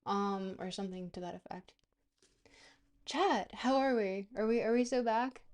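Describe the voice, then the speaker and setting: A woman streamer in loose, casual chat mode. She rambles, cracks jokes and talks straight to her viewers at a middle pitch. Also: measured pace, a little mellow. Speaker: livestream host.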